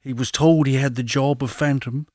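A man who works as an osteopath and acupuncturist, telling anecdotes as a guest in a relaxed, chatty way. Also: medium pitch, moderate pace, no room sound, studio quality. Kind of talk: conversational anecdotes.

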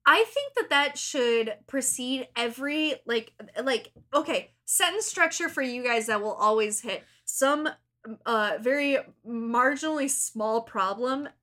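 A young woman recapping a book in relaxed conversation, her voice sitting a little high. She drops dry, wry asides between her plot summaries. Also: measured pace. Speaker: podcast co-host. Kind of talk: casual book-recap chat.

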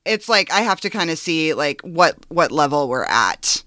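A woman with a bright, crisp voice chats earnestly on a movie podcast, leaning on "like" and "um." Her voice sounds close and dry, with no room behind it. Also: deep voice, very animated, moderate pace, dry recording. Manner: chatty, earnest, lots of "like" and "um". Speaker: podcast co-host. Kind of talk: casual chat about a film.

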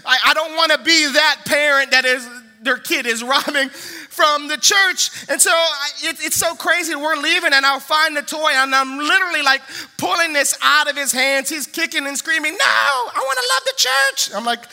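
Brief: young male pastor, very high voice, sharp and forceful tone, animated storyteller. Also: normal speed. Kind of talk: sermon with personal stories.

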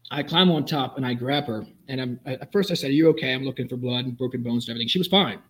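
On a podcast, a middle-aged man who works as a police officer rattles off an animated story, performing the lines he quotes. His voice sits mid-range, with slight background noise.

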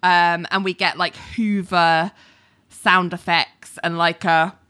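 A woman's voice: lowish voice, level tone, slow pace, pushed and bright, smooth, no echo, clean studio sound. A woman casually recapping a TV episode, chatty and full of ums and likes.

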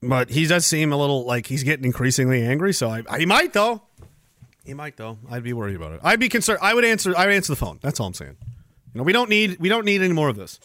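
A man's voice: a little high, sing-song, fast, bright, forceful tone, dry recording, studio quality. A man hosting a podcast, chatting casually, rambling and swearing with frequent laughs. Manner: rambling, profane, laughs often. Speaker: podcast host. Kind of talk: casual chat.

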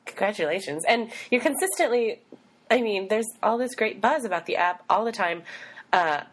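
A woman host interviewing a guest, asking brief questions and offering quick encouragement. Her voice sits at a middle pitch. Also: animated.

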